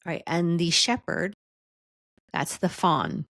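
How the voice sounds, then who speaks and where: A woman's voice: fairly low pitch, slow, no echo, clean studio sound. A woman hosting a solo podcast, teaching leadership in a conversational way, often checking in with "right?". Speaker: leadership coach and podcast host.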